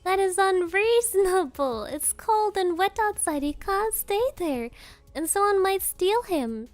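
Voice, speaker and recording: A woman's voice: very high-pitched, animated, a little slow, no echo, faint music behind. A young woman streaming as a VTuber, chatting casually and rambling with giggles and playful quoted voices.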